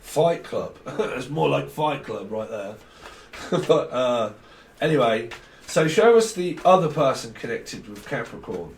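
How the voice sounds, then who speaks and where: A man's voice: medium pitch, big pitch swings, a little slow, a little hiss or hum. A man giving a casual, rambling tarot reading full of jokes. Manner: rambling, joking, laughs often. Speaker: tarot reader. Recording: roomy, distant mic.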